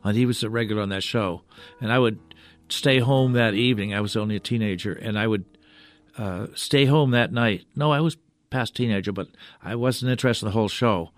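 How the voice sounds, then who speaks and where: An older man, a puppeteer, telling stories in a halting, rambling way as a guest in a radio studio. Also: lowish voice, dry recording, soft background music. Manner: rambling, halting, full of restarts. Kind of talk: radio interview storytelling.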